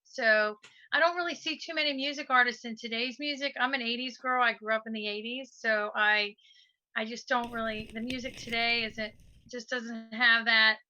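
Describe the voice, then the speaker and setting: A woman's voice: a little high, fairly even intonation, moderate pace, pushed and bright. A woman in her forties, a musician guest, chatting eagerly and rambling a little on a video call from her laptop. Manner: enthusiastic, rambling. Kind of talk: casual chat on a video call. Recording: dull, lo-fi laptop audio with dropouts.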